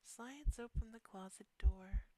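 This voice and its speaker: A woman streamer with a medium-pitched voice reads a horror game's text aloud slowly and deliberately, often sinking to a hushed near-whisper. She slips quick asides in between passages, and the recording is rough.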